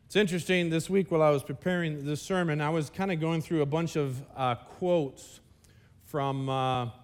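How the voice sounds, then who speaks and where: Man, pastor, high-pitched, casual preaching style with lots of direct asides to the congregation. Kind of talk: sermon. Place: church service.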